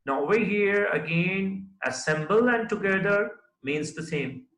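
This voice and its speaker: A man's voice: high-pitched, expressive, a little slow, a bit bright. A man teaching a recorded lecture, who explains step by step and keeps checking understanding with "right?". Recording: echoey room.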